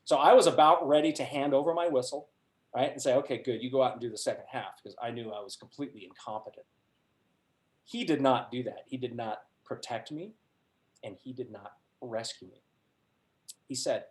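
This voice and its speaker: A middle-aged man presenting a workshop, telling a personal anecdote to a group with animated delivery and frequent laughs. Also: mid-range voice, moderate pace. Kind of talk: storytelling talk to a group. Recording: roomy echo.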